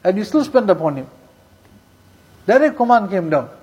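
A man with a high, husky voice delivers a sermon, telling stories and repeating key lines for emphasis. He mixes Urdu and Arabic religious terms into his English. His tone is dark and mellow. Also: very animated, poor audio. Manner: recites Quranic verses rapidly in Arabic. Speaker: Islamic preacher.

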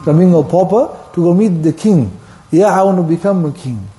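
A man with a high, animated, dark-toned voice preaches a sermon in an impassioned storytelling style. He mixes English with Arabic phrases and quick bursts of recitation.

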